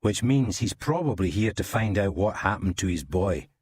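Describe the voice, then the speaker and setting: Male reader as a measured, knowing detective, husky voice, dry recording. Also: on the low side, expressive, darkish tone, no echo. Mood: explaining. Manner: measured, explaining.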